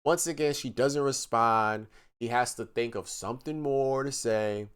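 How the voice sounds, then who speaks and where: A man streaming live, reacting to text messages in casual commentary, mocking and animated, reading quotes in a flat voice. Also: mid-range voice, unhurried, smooth.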